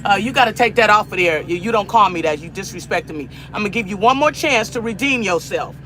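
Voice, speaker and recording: A woman's voice: mid-range voice, animated, quick pace, a bit bright, a little hiss or hum. A middle-aged woman from the United States, hosting a cooking live stream and talking to viewers in an emphatic, repetitive, preachy way. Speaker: livestream cooking host.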